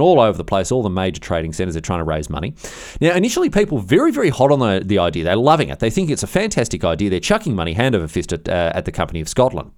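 A man's voice: fairly low pitch, a little mellow. A male history podcast host telling a story in a casual, irreverent, jokey way, often restarting his sentences.

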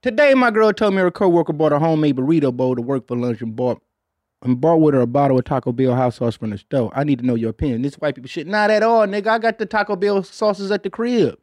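A man hosts a casual comedy podcast, swearing freely and trailing phrases with "man". His voice sits at a middle pitch and is recorded close and dry, with no room sound. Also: expressive, fast, a little mellow, no echo. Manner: profane, laid-back, filler "man" after most phrases. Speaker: podcast host.

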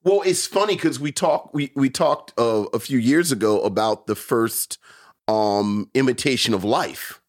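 A man's voice: mid-range voice, measured pace. A man co-hosting a podcast, chatting casually and joking with his co-hosts. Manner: playful, joking, lively banter. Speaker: podcast co-host. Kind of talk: casual chat.

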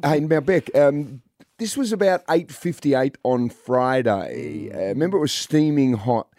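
A man's voice: medium pitch, measured pace, dry recording, studio quality. A middle-aged man with an Australian accent, co-hosting breakfast radio and telling stories with acted-out voices and teasing banter. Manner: animated storyteller, acts out voices, teasing. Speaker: radio co-host.

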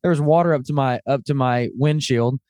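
A man hosting a podcast, telling stories in lively casual chat and calling people "man". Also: medium pitch, fairly quick, dry recording, clean studio sound. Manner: animated storyteller, calls people "man". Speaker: podcast host.

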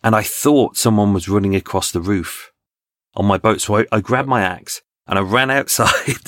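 A man, a podcast guest, telling lively stories in conversation with restarts and laughs. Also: on the low side, normal speed, dry recording, clean studio sound. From England. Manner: animated anecdotes, frequent laughs and restarts. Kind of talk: storytelling in conversation.

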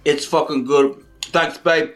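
A man putting on a crude, brash Australian straight guy on a date, with a put-on Australian accent and a lowered voice. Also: fairly even intonation, takes it slowly. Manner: brash, swearing, shouting at the game.

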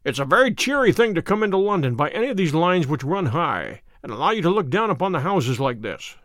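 A man voicing Sherlock Holmes, a musing, brisk male detective, in a dry read story. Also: on the high side, big pitch swings, a bit bright, no room sound. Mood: reflective.

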